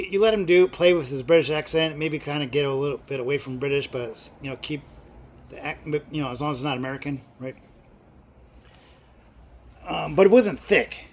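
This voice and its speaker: A middle-aged man vlogging in a casual, rambling way, full of fillers and sudden excited outbursts. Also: a little high. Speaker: movie vlogger. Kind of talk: casual chat.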